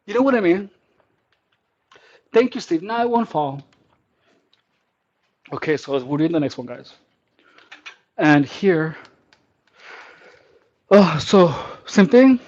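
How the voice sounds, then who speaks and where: High-voiced man, mock-girly workout chatter. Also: animated, slow, pauses often, a little mellow. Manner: mock-girly, sarcastic joking persona; counts reps aloud while exercising, straining. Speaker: fitness vlogger. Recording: dull lo-fi sound.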